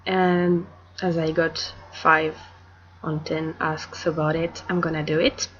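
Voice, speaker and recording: A young woman from France with a French accent, talking casually to camera in a hesitant, soft-spoken way with filler pauses. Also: deep voice, level tone, muffled recording. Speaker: vlogger.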